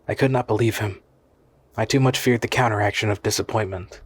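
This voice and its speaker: Man reading an old novel aloud, husky, steady, dry close sound. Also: fairly low pitch, a little fast, dry recording. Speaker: audiobook reader.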